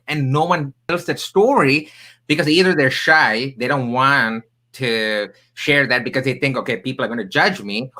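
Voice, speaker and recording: Bright-voiced man telling stories, accented. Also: mid-range voice, rough recording. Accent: non-native English accent. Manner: animated, emphatic storyteller with jokey asides. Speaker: podcast guest, career coach. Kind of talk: storytelling in a casual interview.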